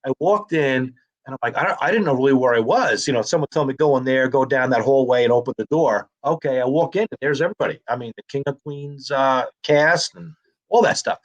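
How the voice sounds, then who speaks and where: A man's voice: mid-range voice, a little fast, muffled recording. A middle-aged man, a comedian and actor, telling anecdotes in a casual interview and acting out the voices of others.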